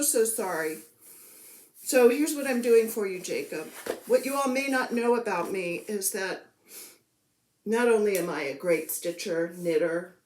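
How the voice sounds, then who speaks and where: Slow-talking chatty woman in her fifties. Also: medium pitch. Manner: chatty, self-mocking, playful baby talk to her cat. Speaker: craft vlogger. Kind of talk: casual chat to camera. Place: at home. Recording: echoey room.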